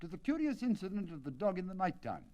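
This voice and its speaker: A man reading a storybook aloud and voicing a cool, imperturbable detective who speaks calmly and precisely. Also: high-pitched, fast, muffled recording, pitched above the performer's own voice. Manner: calm, quiet, precise. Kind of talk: dramatic audiobook reading.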